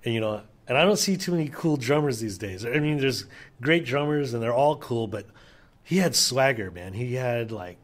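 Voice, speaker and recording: A man's voice: mid-range voice, lively intonation, moderate pace. A middle-aged man, a session drummer, telling stories casually in an interview, loose and enthusiastic with plenty of fillers and swearing.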